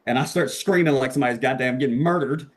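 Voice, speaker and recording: A young man, a podcast guest, telling a story in a casual, excitable and profane way, acting out the voices he quotes. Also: mid-range voice, fast.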